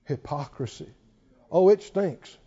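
A man's voice: a little high, lively intonation, takes it slowly, warm tone, muffled recording. A man preaching a sermon, emphatic and driving his points home with repeated rhetorical questions.

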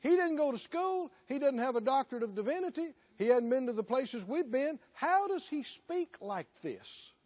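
A preacher acts out a knot of indignant religious leaders, their voices climbing very high in scornful disbelief. Every line is an incredulous question, and the recording sounds muffled and lo-fi. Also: male voice, animated, moderate pace, hardly any pauses. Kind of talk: sermon. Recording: dull lo-fi recording.

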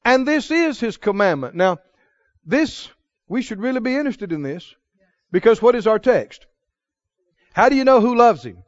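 A man's voice: very high-pitched, sing-song, moderate pace, long pauses, no echo, highs cut off. A man preaching a sermon, asking the congregation questions and repeating answers for them to call back. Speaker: pastor.

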